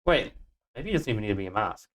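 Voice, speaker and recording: A man doing a Scottish accent while live-streaming his game coding, muttering to himself, swearing and breaking into sudden excited outbursts. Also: on the low side, fast. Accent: Scottish (put on).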